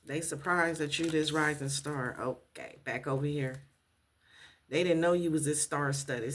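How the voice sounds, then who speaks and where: A woman's voice: low-pitched, fairly even intonation, measured pace, a little hiss or hum. A woman giving a casual tarot reading, blunt and profane, repeating her points for emphasis. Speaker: tarot reader.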